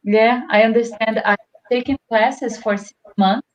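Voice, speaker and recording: A woman from Brazil with a Brazilian Portuguese accent, a language teacher telling animated stories in a casual interview. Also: a little high, rough recording. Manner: animated storytelling, quick bursts.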